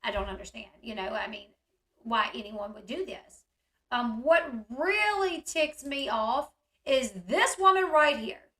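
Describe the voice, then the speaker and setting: A woman hosting casual commentary on a video, talking in an animated way and acting out the yelling she describes. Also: a little high, a little slow, roomy sound. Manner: animated, reacts loudly, acts out quoted yelling. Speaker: commentary host.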